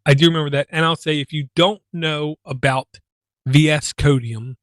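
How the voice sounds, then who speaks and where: A man's voice: a little high, fairly even intonation, moderate pace, a bit bright, no room sound. A man hosting a casual tech podcast, talking in a rambling, self-deprecating way. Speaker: podcast host.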